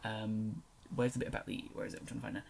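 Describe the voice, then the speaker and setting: This young podcast host from England talks fast in a lowish, level voice that is creaky with a breathy edge. He rambles on his own show, chatty and self-correcting, dropping his T's in a casual English accent.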